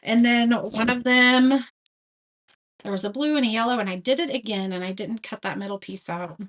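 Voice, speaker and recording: A woman's voice: a little high, moderate pace, fairly bright tone. A woman chatting casually as she hosts a live craft tutorial, reading viewer comments and laughing at her own mistakes. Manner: chatty, self-deprecating, reads viewer comments aloud. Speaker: craft livestream host.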